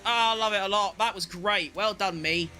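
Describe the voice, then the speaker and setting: Excitable high-voiced man gaming. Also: normal speed, a little hiss or hum. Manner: excitable, talks to himself, self-mocking. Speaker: gaming streamer. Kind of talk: live racing-game commentary.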